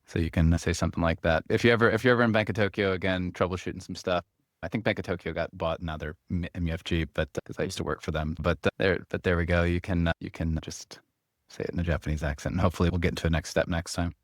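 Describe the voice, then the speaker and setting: A man who is a company co-founder, talking as a podcast guest in a quick, energetic way full of restarts. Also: deep voice, no echo, clean studio sound. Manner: fast, energetic talker with many restarts and "like"s. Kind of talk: casual interview chat.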